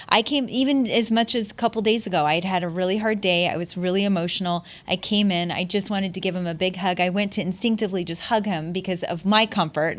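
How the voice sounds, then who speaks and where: Middle-aged woman host, heartfelt and chatty, laughs through her stories, average pitch. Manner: emotional storytelling, laughs often, many restarts. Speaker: podcast host. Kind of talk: casual heartfelt conversation.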